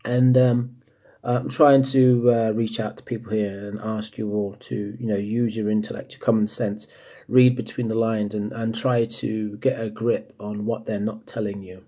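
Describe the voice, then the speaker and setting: A man from the United States, living in England, talking casually to the camera, often pausing with ums and restarting his sentences. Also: fairly low pitch, level tone, dark tone. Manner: hesitant, many ums and restarts. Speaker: vlogger.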